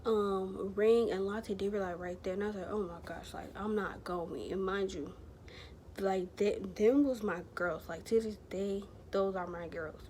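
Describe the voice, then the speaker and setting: Woman vlogger, mid pitch, chatty and rambling, slangy storytelling, faint background hiss. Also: steady tone, a little slow, mellow. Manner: rambling, chatty, heavy use of filler words and slang. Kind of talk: casual storytelling to camera.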